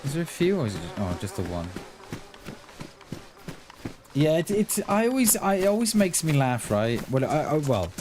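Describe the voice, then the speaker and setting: Streaming a game, a middle-aged man chats casually with viewers in a highish, very animated voice at normal speed, pausing often. He keeps calling people "mate" and restarts his sentences a lot. Faint background noise and clicks come through.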